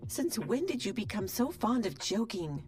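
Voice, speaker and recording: A woman voicing an anxious young woman who speaks higher and breathier, tender and emotional. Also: big pitch swings, normal speed, a little mellow, faint music behind, close to an everyday voice.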